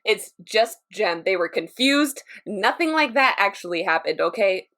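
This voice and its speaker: A woman's voice: medium pitch, animated, a little slow, a bit bright. A woman playing a tabletop game who sounds comically anxious and pleading. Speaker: player. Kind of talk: casual tabletop play.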